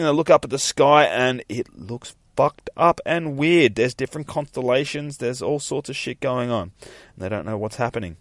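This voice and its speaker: Male comic podcast host, mid-range voice, foul-mouthed and animated, dry booth sound. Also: mid-range voice, moderate pace, dry recording. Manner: animated, profane storytelling that acts out characters. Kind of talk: casual solo podcast recap.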